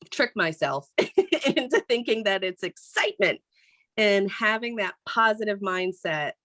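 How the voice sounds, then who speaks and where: A woman who reads the morning news on TV talks to a group in a relaxed, plain-spoken way. Her voice sits at an ordinary pitch for a woman. She speaks like a real person rather than a formal newsreader, and often checks in with "right?". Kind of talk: casual motivational talk to a group.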